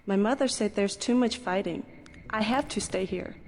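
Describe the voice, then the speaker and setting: A woman's voice: mid-range voice, normal speed, lightly acted. A woman voicing a naive schoolgirl. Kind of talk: video game dialogue.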